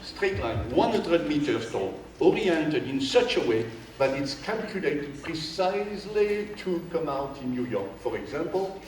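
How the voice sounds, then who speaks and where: Animated man in an echoey hall. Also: a little high, measured pace, few pauses. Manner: animated, playful, acts out scenes with quoted voices. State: tired from jet lag. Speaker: artist explaining his work. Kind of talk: informal gallery talk. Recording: echoey hall, mic at a distance, faint room noise.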